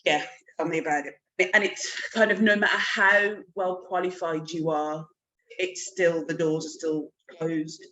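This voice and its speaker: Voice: medium pitch, steady tone, moderate pace, pushed and bright, muffled recording. A podcast host asking probing questions and cutting in during a conversational interview.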